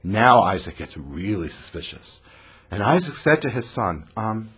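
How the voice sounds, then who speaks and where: A man teaching a text study class in a lively conversational way, putting questions to the students in the room. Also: fairly low pitch, a little slow, breathy edge.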